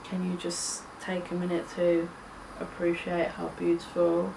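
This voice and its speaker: A woman's voice: on the low side, monotone, unhurried, gravelly, recorded from a distance. A young woman chatting casually while doing her makeup, gushing and chatty, swearing now and then. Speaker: beauty vlogger. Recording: echoey room, mic set back, faint hiss.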